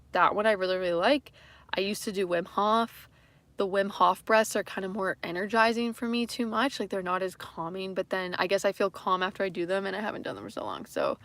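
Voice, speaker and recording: A woman's voice: medium pitch, a little fast, fairly bright tone, no echo. A young woman from western Canada with a light Canadian accent, chatting casually on a livestream and answering comments in a rambling, self-deprecating way. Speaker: livestream host.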